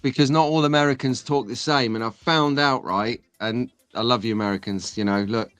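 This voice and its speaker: A man's voice: mid-range voice, fairly quick, a bit bright, smooth, no echo, soft background music. A man hosting a casual live stream, chatting and joking with viewers, having just woken up. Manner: chatty, jokey banter with the chat. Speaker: host.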